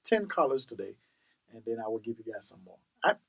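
A man's voice: mid-range voice, big pitch swings, quick pace, fairly bright tone, slightly rough, rough recording. A man hosting a casual language-lesson podcast, repeating each word several times and checking in with the listener. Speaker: podcast host teaching language.

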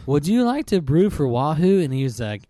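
Animated man hosting a casual podcast. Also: on the high side, fairly quick, no echo, clean studio sound. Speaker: podcast host. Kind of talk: casual chat.

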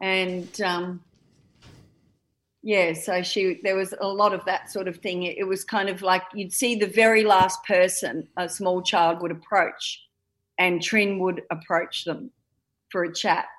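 A middle-aged Australian woman recounting a family story as an interview guest. She tells it in a lively, anecdotal way, building up to the punchline with an easy conversational flow. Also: lowish voice, measured pace. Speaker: guest's mother.

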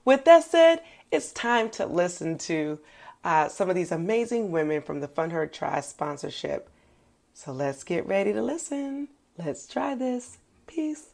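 A woman's voice: lowish voice, very animated, measured pace, gravelly, darkish tone, a little hiss or hum. A woman hosting a live video chat, bubbly and chatty, welcoming guests and drawing out her greetings. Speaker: host. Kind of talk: casual live-stream chat.

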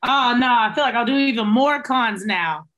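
Animated woman telling lively stories. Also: normal speed. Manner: animated storyteller, voices quotes in a much higher pitch. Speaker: interview guest, restaurant cook. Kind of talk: casual chat.

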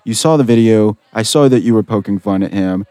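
Laid-back male radio host, low voice. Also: a little fast, mellow, no room sound. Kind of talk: comedy radio call-in sketch.

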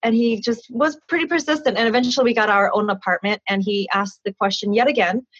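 Woman in her 30s, kinda high breathy voice, animated storyteller, dull dry audio. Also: fast, no echo. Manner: candid, animated, laughs often, quotes others in dialogue. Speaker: interview guest. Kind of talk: personal storytelling in an interview.

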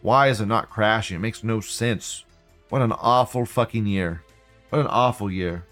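A man's voice: lowish voice, normal speed, a bit bright, faint music behind. A man hosting a live show, reading viewer comments aloud and reacting in a blunt, profane, ranting way. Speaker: livestream host.

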